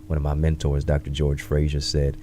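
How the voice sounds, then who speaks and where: Guest author, male, 30s, very low dark voice, measured and quotable, light hum behind. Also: monotone. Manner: reflective, measured, fond of catchy sayings. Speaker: author and speaker, interview guest. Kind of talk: conversational interview storytelling.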